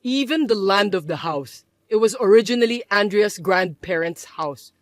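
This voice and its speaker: A woman voicing a calm, level-headed grown son who speaks patiently and quietly. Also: normal speed, dry recording, natural voice. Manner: calm, patient, lower and softer.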